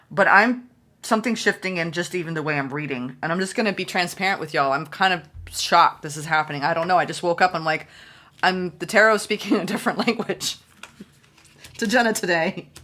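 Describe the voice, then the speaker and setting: A woman giving a solo tarot reading, excitable and gushing, repeating phrases for emphasis. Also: fairly low pitch, brisk. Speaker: tarot reader.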